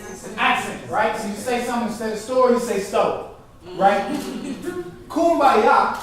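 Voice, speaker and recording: Animated man lecturing in an echoey hall. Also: very high-pitched, moderate pace, slight background noise. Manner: animated, prompts the audience to finish his phrases. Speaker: performance poet giving an artist talk. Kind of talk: interactive lecture with call-and-response. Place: lecture hall with a live audience. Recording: echoey hall recording from far off.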